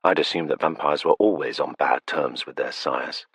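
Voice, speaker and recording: A blunt, wary young hunter with a deep, clipped, matter-of-fact delivery, as a male narrator plays him. The sound is husky and bone-dry. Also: normal speed, no echo. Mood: wry. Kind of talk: audiobook character voice. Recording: dry close studio sound.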